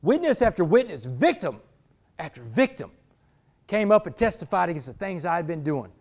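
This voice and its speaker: A man's voice: sits high, big pitch swings, normal speed, darkish tone. A man gives a motivational talk to a team, telling his story dramatically and acting out the voices of others. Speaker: motivational speaker.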